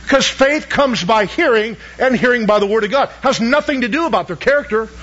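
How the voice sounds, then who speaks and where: A man's voice: extremely high pitch, lively intonation, a little fast, a bit bright, breathy edge, dull audio. A man preaching a sermon, asking the congregation questions and pressing each point with emphasis. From Southern United States. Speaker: pastor.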